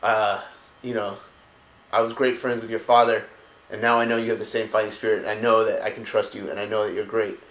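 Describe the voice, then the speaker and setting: A man's voice: fairly low pitch, flat delivery, fairly quick, a bit bright, reverberant, close to an everyday voice, low-quality recording. A man voicing a veteran male orc warchief who speaks bluntly and approvingly. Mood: earnest.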